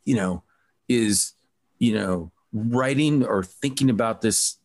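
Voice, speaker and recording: A man's voice: on the low side, slow, darkish tone. A man hosting an interview, chatting casually and telling rambling stories. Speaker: interview host.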